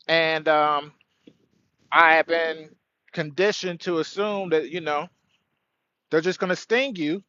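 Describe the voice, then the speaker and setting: A man's voice: on the high side, fairly bright tone, highs cut off. A man hosting an outdoor spiritual livestream, speaking earnestly and greeting viewers by name. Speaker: livestream host. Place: outdoors by a tree.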